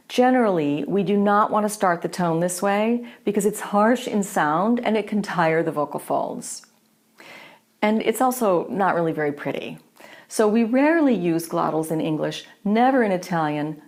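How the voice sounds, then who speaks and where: A woman teaching a voice lesson, explaining clearly and patiently. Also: on the low side. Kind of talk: instructional voice lesson.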